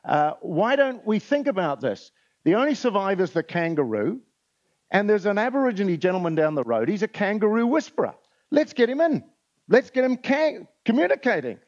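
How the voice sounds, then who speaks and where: A man putting on an earnest expat policeman pitching an idea, eager and persuasive. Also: big pitch swings, normal speed, muffled recording.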